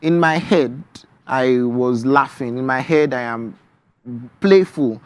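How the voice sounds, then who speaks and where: A young man with a Nigerian English accent, a guest author talking about his poetry on a morning TV show in a measured, reflective way. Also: mid-range voice, smooth. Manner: measured, reflective, with frequent ums. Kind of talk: TV interview, reading his poetry.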